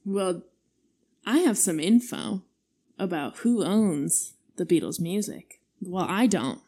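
A woman's voice: lowish voice, animated, slow, mellow, breathy edge. A woman co-hosting a casual pop-culture podcast. She speaks hesitantly with lots of restarts, and she teases her co-host. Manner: hesitant, many fillers and restarts, teasing.

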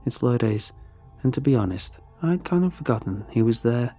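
A man's voice: medium pitch, animated, normal speed, dark tone, faint music behind. A man narrating a first-person adventure story in a wry, conversational way, speaking the lead's lines himself.

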